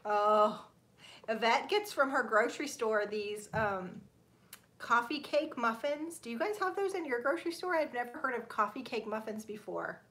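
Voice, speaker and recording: A woman's voice: on the high side, lively intonation, moderate pace, fairly bright tone. A woman in her thirties hosting a casual livestream, chatting with viewers, reading their comments aloud and laughing often. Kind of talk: casual live chat.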